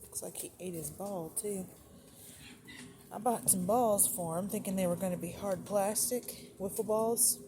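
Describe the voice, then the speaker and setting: A woman in the middle of a pitch range talks slowly and easily while walking a camera through her rabbit barn. Her tone is relaxed and chatty, with small pauses as she gathers her thoughts. Steady barn ambience hums clearly behind her voice, which makes the recording noisy. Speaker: rabbit breeder giving a barn tour. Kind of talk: casual walkthrough narration. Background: barn ambience noise.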